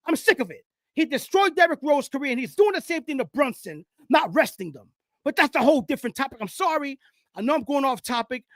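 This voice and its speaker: A man from the Bronx with a New York accent, hosting a casual live-stream sports talk, rambling and animated, with loud street slang. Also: extremely high pitch, no room sound, clean studio sound.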